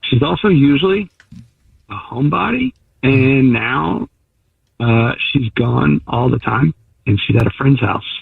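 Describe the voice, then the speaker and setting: A man's voice: medium pitch, expressive, unhurried, gravelly, breathy edge, no echo. A man calling in to a radio show, telling his story hesitantly with fillers and restarts. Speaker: caller. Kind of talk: phone-in account to a radio show. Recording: tinny phone line.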